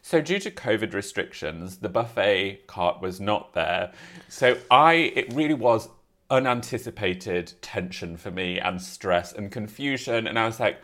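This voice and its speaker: A man's voice: fairly low pitch, expressive, measured pace, a bit bright. A man spins a story with theatrical flair, and his voice swings widely up and down. He acts out every quote as he goes, in a casual podcast chat. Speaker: podcast co-host.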